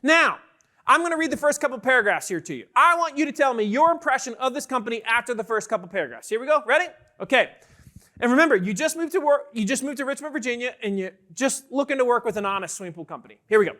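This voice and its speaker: High, bright-voiced conference keynote man. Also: fast talker. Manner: energetic, questions the audience often. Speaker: keynote speaker. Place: large conference hall with an audience.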